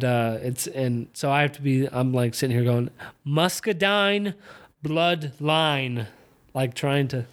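This young podcast host rambles through a casual solo chat as he watches fights, full of fillers and false starts. His voice sits in the middle range with a slightly mellow quality, and talk of country music brings out a faint Southern twang.

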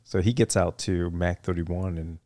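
A middle-aged man with a Vietnamese accent, a retired military aviator telling his story in a relaxed interview, full of "you know" fillers. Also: sits low, moderate pace, no echo, clean studio sound. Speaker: interview guest, retired Marine fighter weapons officer.

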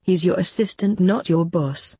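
A woman's voice: lowish voice, unhurried, a little mellow, slightly rough, no echo. A woman voicing a dry-witted young man who teases his father. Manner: dry and teasing.

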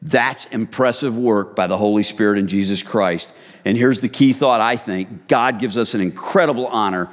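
A middle-aged man preaching a sermon as pastor, in a relaxed, conversational way that speaks to listeners as "you guys". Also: on the low side, normal speed. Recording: reverberant hall.

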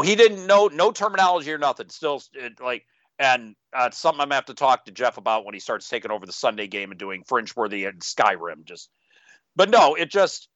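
A man chatting casually about running tabletop games, telling his stories with animated, playful voices. His voice is bright and forward. The sound is dry and a little dull, as if from a modest mic. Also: a little high, no echo. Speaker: game master and podcast co-host. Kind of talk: casual chat.

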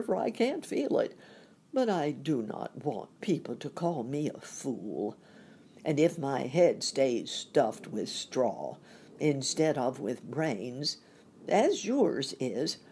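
A woman voicing a friendly, earnest male scarecrow stuffed with straw, in a husky, courteous storybook voice. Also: low voice, mellow, heavily acted. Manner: slow, courteous, confiding. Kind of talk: storybook reading.

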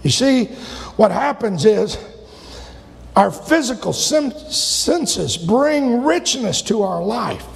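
A male pastor delivering a sermon in a high, rough, gravelly voice. He climbs to shouted peaks and then falls suddenly quiet. The sound carries a long church-hall reverb. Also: big pitch swings, slow pace. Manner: preaching with loud shouted peaks and sudden drops.

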